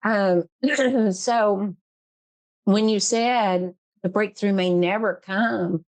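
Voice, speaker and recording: Her mid-range voice is steady and a little mellow, with drawn-out words. A middle-aged woman hosting her own podcast, she talks earnestly and emphatically through an emotional interview chat, laughing often and repeating herself to stress points.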